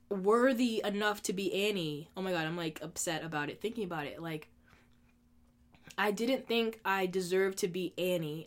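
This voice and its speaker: A woman's voice: medium pitch, a bit bright. A woman in her twenties hosting a podcast, talking candidly and emotionally in a casual monologue, filling her speech with "like" and swearing freely. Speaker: podcast host.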